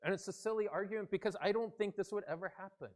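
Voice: mid-range voice, fast. A pastor preaching a sermon in an earnest, conversational way.

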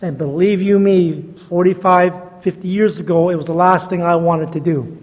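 Older male guest preacher, 60s, high voice, chatty storyteller who pokes fun at himself, long hall echo. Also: fairly even intonation, normal speed. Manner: chatty, self-deprecating, laughs at own jokes. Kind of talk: storytelling sermon.

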